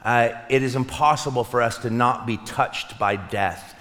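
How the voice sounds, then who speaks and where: Male pastor, mid-pitched, earnest sermon delivery, long hall reverb. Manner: earnest, with soft slowed pauses. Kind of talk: Easter sermon. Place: church sanctuary.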